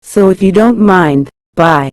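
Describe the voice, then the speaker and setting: A man's voice: high-pitched, slow pace, dry recording. A woman reading the lines of an awkward, hesitant male visitor from a play script.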